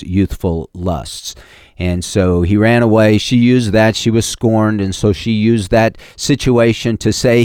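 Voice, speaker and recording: Folksy guy preaching, lots of uh's and restarts, lowish voice, dry sound. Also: darkish tone, dry recording. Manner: folksy, halting with many fillers and restarts. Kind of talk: sermon.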